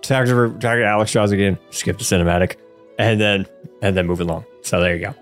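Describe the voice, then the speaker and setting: A man co-hosting a casual podcast, chatting with excited, geeky enthusiasm and frequent laughter. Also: lowish voice, fairly quick, soft background music. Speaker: podcast co-host. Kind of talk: casual chat.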